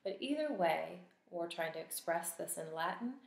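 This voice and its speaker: A woman teaching a Latin vocabulary lesson, patiently sounding out each word form and pausing for the listener to repeat. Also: on the low side, animated, vocal fry. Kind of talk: recorded vocabulary lesson with drills. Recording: echoey room.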